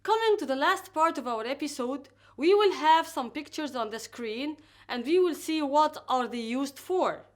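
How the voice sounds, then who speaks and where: Woman, high voice, careful slow drilling, recorded lesson. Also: lively intonation. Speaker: English teacher.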